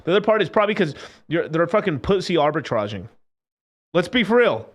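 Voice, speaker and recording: This Mexican man's voice sits a little high, and he speaks fast and expressively. Hosting a crypto livestream, he goes on an unfiltered, casual rant full of profanity and emphasis, mocking people and repeating himself.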